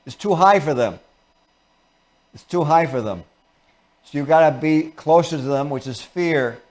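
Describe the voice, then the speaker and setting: A man with a fairly high voice hosts a talk show, teaching his audience step by step. He slips into short acted-out conversations to show his points, then returns to plain explanation. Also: expressive, measured pace, darkish tone. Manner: explains with acted-out example dialogues. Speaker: show host.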